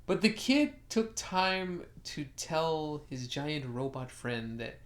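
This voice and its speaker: A man's voice: a little high, sing-song, takes it slowly. A man co-hosting a podcast, reacting bluntly and chattily to a film. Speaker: podcast co-host. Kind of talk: casual film discussion.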